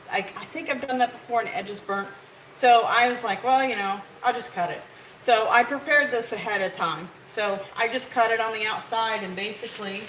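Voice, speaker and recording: A woman chatting casually to viewers as she cooks, rambling through her steps in a home kitchen. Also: a little high. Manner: chatty, rambling, talks to viewers while cooking. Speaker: home cook showing a recipe. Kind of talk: casual cooking tutorial. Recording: echoey kitchen, off-mic, loud cooking noise.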